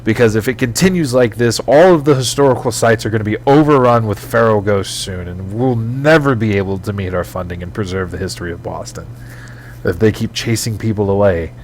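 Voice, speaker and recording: A man voicing a frustrated woman who looks after historic sites, speaking briskly, with a faint hum behind him. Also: on the low side, natural voice. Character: exasperated young woman caretaker of historic sites.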